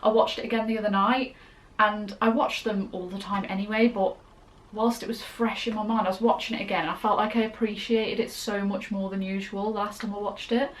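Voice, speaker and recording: Young girl rambling happily thru a q&a vlog, mid pitch, super chatty. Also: flat delivery, fairly quick. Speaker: YouTuber. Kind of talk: casual Q&A vlog.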